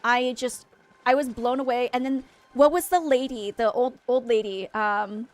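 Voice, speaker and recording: Chatty high-voiced young woman streamer. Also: moderate pace, no echo. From Maine. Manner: chatty, excitable, easily distracted, rambling. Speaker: game streamer. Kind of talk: casual livestream chat with viewers.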